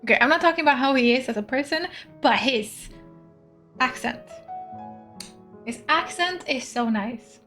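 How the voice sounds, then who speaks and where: A young woman from Sweden, whose first language is Swedish, streams a game while chatting casually, giggling, and reading its text aloud. She has a high, fairly bright voice and a moderate pace broken by long pauses. Soft background music accompanies her.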